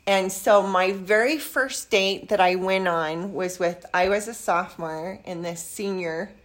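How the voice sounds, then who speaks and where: A woman's voice: mid-range voice, a little slow. An older grandmother in a casual interview, telling stories from her youth and acting out bits of dialogue. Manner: lively storyteller who acts out quoted dialogue.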